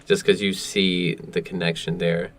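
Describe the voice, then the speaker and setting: A man with a lowish voice who speaks plainly and briefly on a casual podcast. His remarks are low-key and to the point. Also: level tone, measured pace, distant mic. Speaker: podcast co-host. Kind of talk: casual film discussion.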